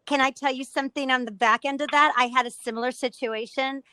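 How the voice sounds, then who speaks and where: A woman co-host chats warmly and laughs through her stories. Her voice is bright and forceful, a bit higher than most. The recording is dry and close, with no room sound. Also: fairly even intonation, quick pace, no echo. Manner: warm, chatty, laughs while telling stories. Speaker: podcast co-host. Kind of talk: casual podcast chat.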